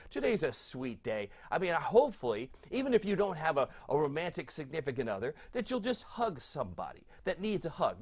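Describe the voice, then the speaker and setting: Animated, chatty middle-aged weatherman. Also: fairly high pitch. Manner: chatty, sentimental, easily moved. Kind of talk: live weather chat reading viewer comments.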